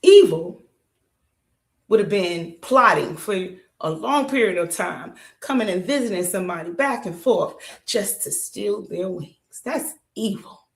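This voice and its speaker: A woman hosts a podcast and retells a story in an animated, colloquial way, leaning on points and checking in with the listener. Her voice sits at an ordinary middle pitch. The room around her gives a clear, roomy echo. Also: unhurried. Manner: animated, emphatic, colloquial, asks listeners rhetorical questions. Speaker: podcast host. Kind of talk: casual storytelling commentary.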